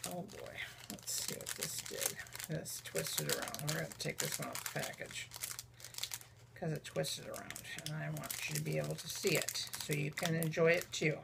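A vlogger opens mail from friends in a casual unboxing chat, cooing and gushing over each small gift while talking to both viewers and the objects. Her deep, creaky voice is steady at a moderate pace, with heavy background noise.

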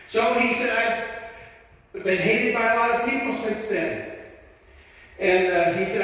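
A man's voice: sits high, bright, forceful tone. A male pastor preaching a sermon, drawing out his words and calling out amens, recorded in a church. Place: church sanctuary. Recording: echoey church hall from far off.

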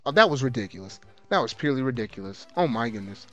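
A man hosting a let's play of a video game, grumbling in casual slang and breaking into loud, exasperated outbursts as the battle turns against him. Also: medium pitch, animated, quick pace, highs cut off, soft background music. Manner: casual slang, repeats himself. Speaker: gaming video host.

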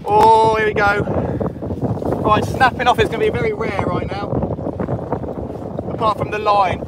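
A young man fishing from a boat, talking his viewers through the catch and breaking into excited shouts. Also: high-pitched, a little slow, pauses often. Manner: talks to viewers while fighting a fish, bursts into excited shouts. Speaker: angler vlogger. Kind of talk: live fishing commentary to camera. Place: outdoors on a small boat at sea. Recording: loud wind and boat noise.

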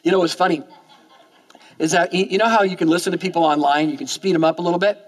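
A man preaching a sermon in church, talking fast and often repeating words as he goes. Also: sits high, fairly even intonation. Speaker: pastor.

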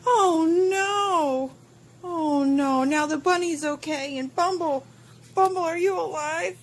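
A woman narrating and acting out a toy-play story in an expressive, worried way, with frequent gasps. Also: extremely high pitch, slow pace, a little hiss or hum.

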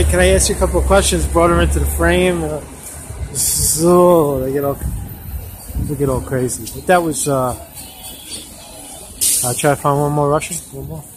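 A man hosting a casual street-interview vlog, chatty and joking, repeating himself as he goes, and filming with a handheld camera at arm's length. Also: on the high side. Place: busy street outdoors. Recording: loud street traffic noise.

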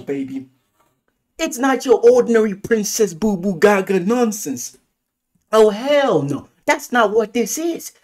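A man excitedly ranting about a film, gushing and swearing with lots of exclamations. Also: on the high side. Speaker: movie reviewer. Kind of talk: excited movie rant.

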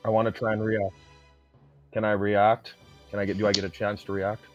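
A man's voice: fairly low pitch, flat delivery, a little fast, lo-fi sound, music in the background. Intense, swearing tabletop player man. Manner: intense, aggressive, swearing in character. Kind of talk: playing a tabletop game.

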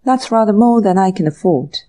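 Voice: medium pitch, lively intonation, warm tone, close to an everyday voice. A narrator voicing an awkward, easily flustered young man who talks hesitantly and in a hurry, in an audiobook. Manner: hesitant, hurried.

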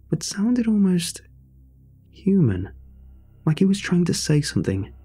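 A man narrating a horror story in a measured, scripted storytelling delivery, with faint music behind. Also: mid-range voice, mellow, slightly rough.

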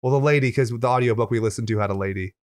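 A man's voice: medium pitch, rapid-fire, dry recording, clean studio sound. A man co-hosting a casual film review podcast from his garage, joking and swearing freely. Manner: joking, profane, animated. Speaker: podcast co-host. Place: home garage.

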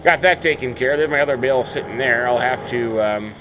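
A man's voice: mid-range voice, brisk, noisy background. A man hosting a farming game let's play, chatting casually as he plays, thinking aloud and often breaking into mild exclamations. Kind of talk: casual gameplay commentary.

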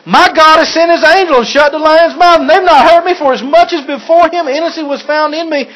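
A man's voice: very high-pitched, fairly quick, a bit bright, pitched above the performer's own voice. A man voicing a carefree ancient male prophet, breezy and laid-back, in a sermon. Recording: dull lo-fi recording.

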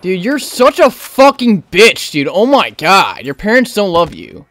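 A man commentating his own gameplay, frantic, yelling, swearing at the game and talking to his viewers. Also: high voice, sing-song, a little slow, hardly any pauses. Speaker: gaming channel host.

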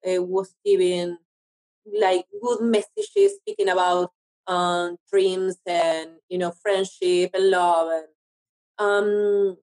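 A female actress guest from Argentina talks in English, her second language, during a casual interview, carrying an Argentinian Spanish accent and pausing often to find words. Her voice is medium-pitched with a darkish tone, and the recording is rough.

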